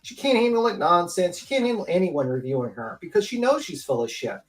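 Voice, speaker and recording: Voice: medium pitch, big pitch swings, brisk, poor audio. A panelist on a livestream giving casual, rambling commentary full of swearing and filler words. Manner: profane, rambling, lots of fillers. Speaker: panel guest.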